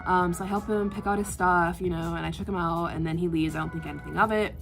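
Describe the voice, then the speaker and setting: A young woman vlogger telling a work story in casual chat, animated and exasperated, with lots of filler words and sighs. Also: fairly low pitch, fast talker, gravelly, soft background music. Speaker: art vlogger.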